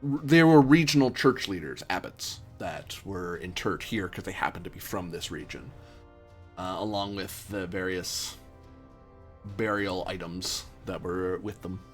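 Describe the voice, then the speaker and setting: A man narrating a tabletop role-playing game as game master, relaxed, with many fillers and self-corrections. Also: sits low, measured pace, faint music behind.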